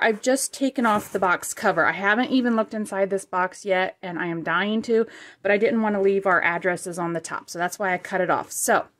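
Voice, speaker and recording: A woman hosting a casual crafting vlog, unboxing supplies with chatty, gushing excitement and frequent fillers. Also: medium pitch. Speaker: craft channel host.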